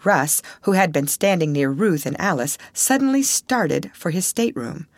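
A woman narrating a vintage novel aloud in a measured, expressive storytelling manner. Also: low-pitched, dry recording. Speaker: audiobook narrator.

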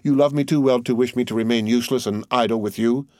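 A man's voice: medium pitch, fairly even intonation, fast talker, dark tone, dry recording, studio quality, natural voice. A man reading as an earnest young son. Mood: resolute. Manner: earnest, resolute, reassuring.

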